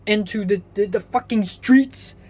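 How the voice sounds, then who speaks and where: A man's voice: high-pitched, a little slow, darkish tone, breathy edge. A young man from Hong Kong ranting angrily and sleepily, swearing constantly and restarting his sentences. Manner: swears constantly, angry and exasperated, rambling with restarts. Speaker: vlogger. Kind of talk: profane personal rant.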